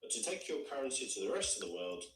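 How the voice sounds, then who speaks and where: A man speaking as a guest on a livestream, explaining things in a lively way. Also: medium pitch, quick pace, slight background noise. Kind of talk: remote stream discussion. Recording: roomy, distant call audio.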